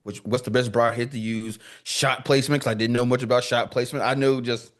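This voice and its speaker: A man's voice: mid-range voice, brisk. A man talking as a guest on a podcast in a laid-back, slangy way, telling stories animatedly. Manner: animated storyteller who acts out quoted dialogue. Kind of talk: casual podcast conversation.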